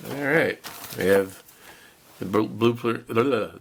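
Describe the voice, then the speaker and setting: A man with a low, gravelly voice talks his way through a model kit unboxing in a loose, rambling way. He chats to his viewers and pokes fun at himself with small chuckles. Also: unhurried, pauses often. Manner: rambling, chatty, self-deprecating with chuckles. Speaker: model car kit reviewer. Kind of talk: casual unboxing narration.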